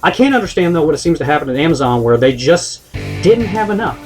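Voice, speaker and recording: A man delivering a comedic rant on a vlog. He swears freely, trips over restarts and drives each point home in an exasperated, fairly high voice. Faint guitar music plays under him. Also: big pitch swings, fast. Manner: exasperated, profane, rambling with many restarts. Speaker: vlogger.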